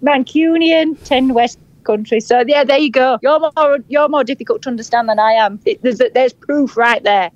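A woman with a broad Yorkshire accent chats on a podcast with blunt, teasing humour and frequent laughter. Her voice sits a little high, and it is recorded dry and close with no room sound. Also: moderate pace, few pauses, dry recording, muffled recording. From Yorkshire, England. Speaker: podcast co-host. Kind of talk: casual chat.

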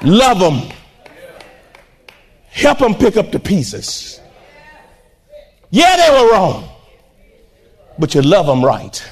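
A very high-voiced older man preaching a fervent sermon in church. His pitch swings widely as he moves from quiet, intimate asides to shouted peaks, and he trades call-and-response with the congregation. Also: wildly swooping pitch, drawn-out words, long pauses, husky. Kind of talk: impassioned sermon.

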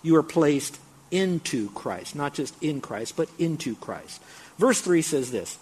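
A man's voice: fairly high pitch, very animated, unhurried, darkish tone, breathy edge. A male pastor preaching a sermon, emphatic, breaking into mocking raised-voice asides.

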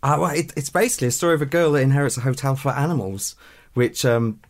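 A man's voice: medium pitch, fast. A man being interviewed as a guest author, explaining his ideas in rambling, self-correcting sentences. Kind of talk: radio interview.

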